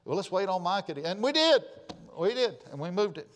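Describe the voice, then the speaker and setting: A man preaching a folksy sermon, telling anecdotes with lively swings in pitch and loudness. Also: fairly quick. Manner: animated storytelling, jumping in pitch and volume. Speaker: pastor.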